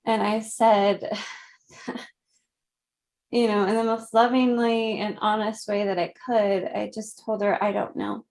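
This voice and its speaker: A woman in her thirties, a guest in an interview, speaking gently and reflectively, with frequent soft laughs. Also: mid-range voice, level tone. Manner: slow, gentle, reflective, laughs softly often. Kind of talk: conversational interview.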